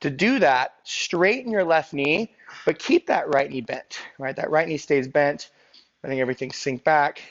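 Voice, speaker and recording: A winded male fitness coach leads a live workout in a slightly high voice. He counts reps, whoops to push people on, then slows into calm breathing and stretching cues. The audio is a bit dull.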